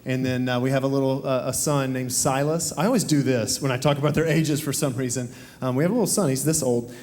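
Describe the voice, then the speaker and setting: A man's voice: mid-range voice, steady tone, fast talker, darkish tone, a little hiss or hum. A man from Alabama with a Southern accent, chatting onstage in a church interview as the new campus pastor, friendly with many fillers. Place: church sanctuary. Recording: long hall reverb.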